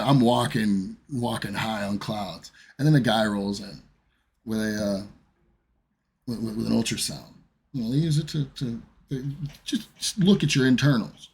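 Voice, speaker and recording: A man's voice: mid-range voice, breathy edge. An American man, a streamer, telling a profane, rambling personal story in a casual way. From United States.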